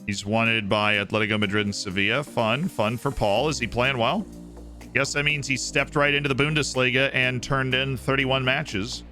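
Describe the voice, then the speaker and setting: A male streamer talks through his football management game in casual commentary, excitable and jokey. His voice is bright and forceful at a middling pitch, with faint music underneath.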